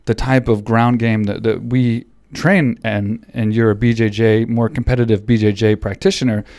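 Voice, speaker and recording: A man's voice: fairly low pitch, flat delivery, normal speed, darkish tone, no room sound, studio quality. A man hosting a podcast in casual chat, still a little out of breath, rambling with many restarts. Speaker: podcast host and coach. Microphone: studio podcast mic.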